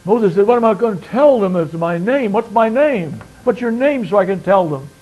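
Man preaching with loud-soft swings. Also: high voice, lively intonation, husky, phone-quality sound. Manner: swings from loud emphatic declaiming to quiet murmured asides; slows down to stress scripture quotes. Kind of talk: sermon.

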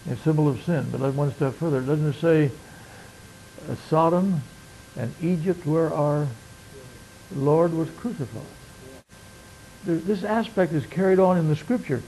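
A man preaching a sermon, reading scripture slowly and swinging between loud emphatic passages and quiet murmured asides. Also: fairly high pitch, slightly rough, low-quality recording. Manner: slows down to stress scripture quotes.

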